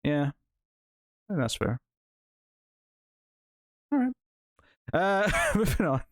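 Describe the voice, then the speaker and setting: A man's voice: a little high, very animated, takes it slowly, no room sound, studio quality. A man hosting a casual TV news podcast, chatting with lots of fillers and frequent laughter. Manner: laughs often, filler-heavy rambling. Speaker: podcast host. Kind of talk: casual chat.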